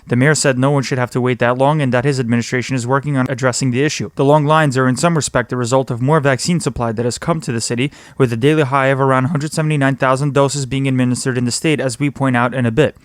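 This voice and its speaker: A man hosting a news podcast, reading a scripted roundup of the week's local news in a brisk, steady delivery. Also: medium pitch, no echo.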